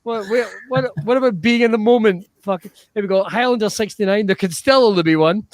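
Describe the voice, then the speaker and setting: A man's voice: high-pitched, brisk. A man hosting an online improv comedy show, giggling and swearing playfully as he gathers suggestions.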